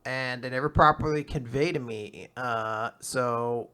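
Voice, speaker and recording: A man on a casual podcast recaps a story with lively energy, jumping in and out of quoted lines. His voice is bright and forward, sitting in an ordinary middle pitch. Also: smooth. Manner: animated retelling, quickly switching into quoted voices. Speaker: podcast co-host recapping manga.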